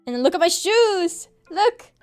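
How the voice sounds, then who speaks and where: Over faint music, a young woman streaming as a VTuber talks at normal speed in a high, expressive voice. She shows off her model with bubbly giggles, exclamations, and lively, playful chatter.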